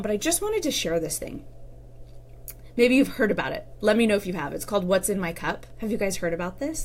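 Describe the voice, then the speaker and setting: Chatty woman coaching viewers on a live stream. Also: medium pitch. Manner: chatty and candid, addresses viewers directly.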